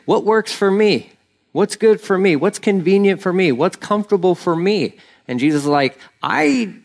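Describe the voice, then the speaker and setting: A male pastor delivers a sermon in a relaxed, conversational way, leaning on "like" as he talks. His voice sits at an ordinary middle pitch. He stays earnest and now and then slips into quick impressions of the people in his story. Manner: casual and earnest, often says "like", voices quoted people.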